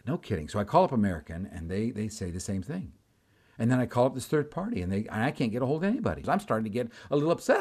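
A man recounts a personal story with a lively, rising and falling pitch. He drops to a hush for the narration and climbs to near shouting when he acts out the scenes. The delivery is animated and conversational. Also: racing. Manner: animated, swings from hushed to shouting while acting out scenes.

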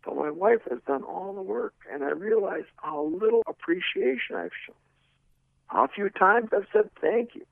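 A middle-aged man giving a personal storytelling talk on servant leadership, expressive and full of rhetorical questions, moving between emphatic and hushed. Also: high voice, moderate pace, creaky, no room sound. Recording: tinny phone-like radio audio.

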